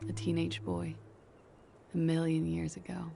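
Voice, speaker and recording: A woman's voice: low-pitched, monotone, a little slow, vocal fry, dark tone, slight background noise, full character voice. A woman voicing a young female fugitive under questioning in a video game, with a tired, guarded and evasive manner.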